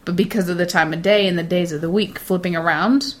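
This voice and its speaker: A woman's voice: on the low side, fairly even intonation, fairly quick. A middle-aged woman, a shift supervisor, chatting casually in a blunt, self-assured way and mocking others with put-on voices when she quotes them. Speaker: data center shift supervisor. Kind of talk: casual chat.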